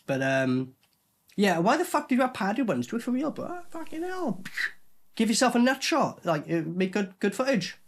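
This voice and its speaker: A man's voice: high voice, big pitch swings, moderate pace. A young man giving sweary, mocking casual commentary while reviewing a film. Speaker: movie reviewer.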